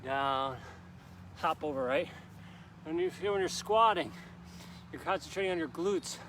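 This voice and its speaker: A man's voice: a little high, measured pace, a bit bright, slight background noise. Upbeat, breathless male workout coach. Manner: upbeat, urging viewers on with countdowns. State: out of breath, sweating. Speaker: fitness instructor. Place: outdoors in a park on grass.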